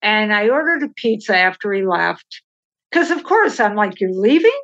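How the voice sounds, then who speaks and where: A middle-aged woman, a podcast guest, telling candid personal stories in an animated way and acting out the dialogue. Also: medium pitch, normal speed. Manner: animated, acts out quoted dialogue, laughs while telling. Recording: slightly dull, lo-fi sound.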